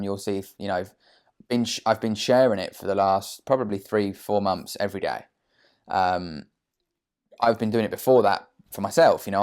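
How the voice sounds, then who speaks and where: A man's voice: lowish voice, a little mellow. A man giving a casual motivational talk to camera from his sofa at home, chatty and blunt, with slang and frequent fillers. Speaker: trader vlogger.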